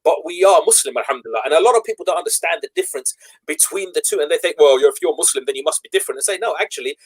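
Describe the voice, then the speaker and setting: A man's voice: a little high, expressive, racing, low-quality recording. A man in a casual panel chat, making his point earnestly and repeating words as he builds it. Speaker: panel guest.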